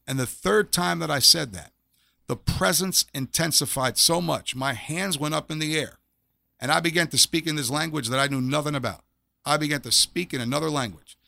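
A man's voice: fairly high pitch, brisk, vocal fry, sharp tone, no room sound. A middle-aged man, a former police officer, giving an earnest personal faith testimony in an interview, often repeating phrases as his feelings rise. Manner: earnest, repeats phrases when he gets emotional.

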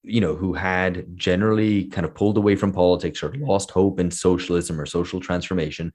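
Male podcast host, very deep voice, easygoing, lots of ums. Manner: hesitant, many fillers, relaxed. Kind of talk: casual podcast chat.

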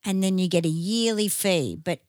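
An Australian woman chats bluntly, swearing often and laughing easily. Her voice is a little low for a woman and sounds close and dry. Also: normal speed, a little mellow, no echo. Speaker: podcast co-host. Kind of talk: casual chat.

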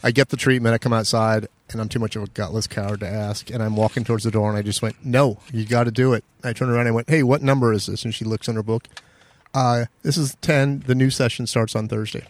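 A man's voice: mid-range voice, fairly even intonation, fast. A man co-hosting a podcast, telling a self-deprecating story in casual comedic chat and acting out the people he quotes. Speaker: podcast co-host.

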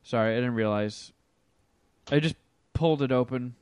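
A man's voice: medium pitch, moderate pace, a little mellow, smooth, dry recording. Casual young podcast host man. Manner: loose, profane, reads listener emails. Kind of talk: casual chat.

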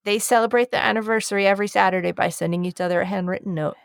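A woman's voice: medium pitch, steady tone, very fast, creaky, no echo, studio quality. A woman co-hosting a podcast in casual chat, effusive and rambling, with some swearing. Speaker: podcast co-host.

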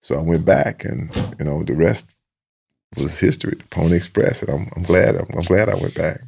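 A man, a guest telling stories in a relaxed way and repeating words as he goes. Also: sits low, moderate pace, creaky, slightly rough. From Texas. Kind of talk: casual storytelling.

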